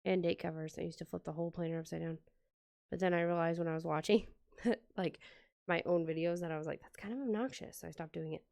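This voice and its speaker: A woman's voice: fairly low pitch, fairly even intonation, fast talker, gravelly, darkish tone, dry recording, clean studio sound. A woman chatting casually as she decorates a planner, telling a story and acting out the quotes. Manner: chatty, many "like" fillers, acts out quotes. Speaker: planner vlogger. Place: home, indoors.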